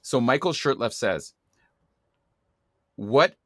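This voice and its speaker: A man hosting a podcast, chatting in a lively, emphatic way and acting out quoted dialogue as he tells stories. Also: medium pitch, slow pace, no room sound, clean studio sound. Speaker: podcast host. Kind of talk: casual podcast conversation.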